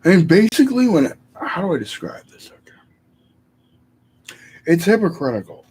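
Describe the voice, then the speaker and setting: A man's voice: high-pitched, very animated, normal speed, darkish tone, slight background noise, poor audio. A man giving a casual commentary vlog from his computer, thinking aloud with fillers and self-corrections. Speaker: YouTuber.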